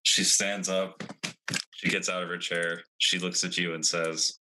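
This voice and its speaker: A man's voice: low voice, little pitch movement, measured pace, background noise. A man as game master, narrating a tabletop game in a laid-back, matter-of-fact way.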